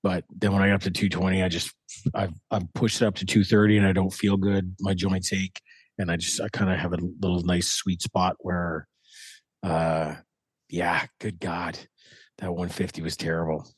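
Folksy East Coast Canadian man, low voice. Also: level tone, normal speed, slightly rough, no room sound. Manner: rambling, folksy storyteller. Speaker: podcast guest. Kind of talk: casual chat.

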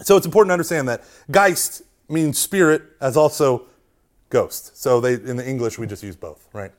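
Speaking at a moderate pace in a mid-range voice, this man leads a casual Catholic Bible class in a hot meeting room full of live students. He's animated and jokey, repeatedly tacking "right?" onto his points.

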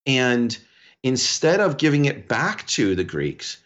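A man's voice: medium pitch, takes it slowly. Rambling storytelling man, lo-fi sound. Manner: rambling, animated storytelling with many restarts. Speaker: podcast co-host. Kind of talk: casual podcast conversation.

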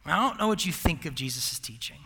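In a big hall full of a live college audience, a young man preaches an informal sermon for campus ministry, full of fillers and self-directed laughter. He sounds fairly high, expressive, gravelly, husky, and sharp, speaking a little fast. Long reverb from the hall fills the recording.

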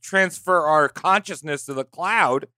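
A man's voice: a little high, unhurried, bright, forceful tone, dry recording, studio quality. A man co-hosting a casual podcast, cracking crude jokes. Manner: jokey, crude wisecracks. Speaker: podcast co-host.

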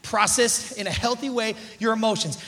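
A man preaching a sermon in a church, emphatic and full of call-and-response, swinging from quiet asides to shouts. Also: high-pitched, moderate pace. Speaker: pastor. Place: church sanctuary.

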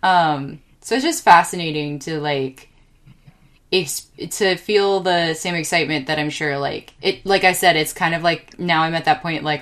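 A woman with a fairly low voice chats on a podcast, rambling from one thought to the next. She gets excitable and fills her talk with ums and restarts. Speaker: podcast co-host. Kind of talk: casual chat.

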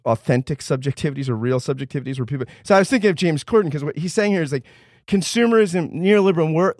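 Animated man with many restarts. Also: on the high side, no echo, studio quality. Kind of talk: casual roundtable chat.

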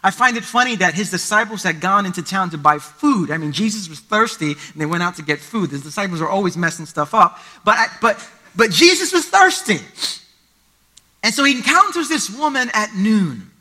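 A man's voice: high-pitched, expressive, brisk, few pauses, bright, forceful tone. A man, a pastor, reading scripture aloud and then preaching a sermon at a church service, explaining the passage through everyday comparisons.

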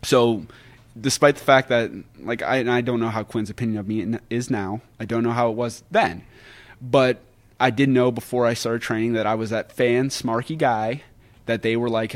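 A man as a podcast guest, telling stories in a casual, animated way and acting out other people's lines. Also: mid-range voice, normal speed. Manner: animated storyteller who acts out quotes. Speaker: guest wrestler.

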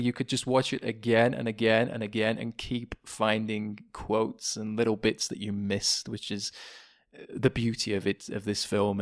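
Gravelly English man, laughing through film talk. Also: on the low side. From England. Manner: enthusiastic, laughs often while recounting jokes. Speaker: podcast co-host. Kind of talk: casual film discussion.

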